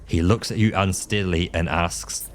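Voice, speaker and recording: A man streaming live, reading a text adventure aloud in an easygoing way and picking the options quickly. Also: low voice, fairly even intonation, a little hiss or hum. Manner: easygoing, reads options then quickly decides.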